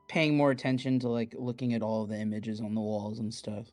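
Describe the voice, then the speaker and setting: A man's voice: medium pitch, little pitch movement, fairly quick, a little mellow, faint music behind. A man playing a tabletop game, speaking tentatively with many fillers. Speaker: player.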